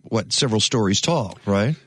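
A man hosting an interview, asking questions in an animated, wry manner. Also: fairly low pitch, moderate pace, slightly rough, no echo, clean studio sound. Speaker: interview host. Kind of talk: conversational interview.

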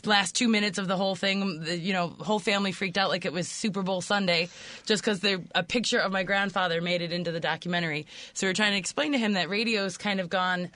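A woman's voice: medium pitch, steady tone, fast talker, fairly bright tone, no room sound. A woman co-hosting a morning radio show, chatting casually and laughing often. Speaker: radio co-host.

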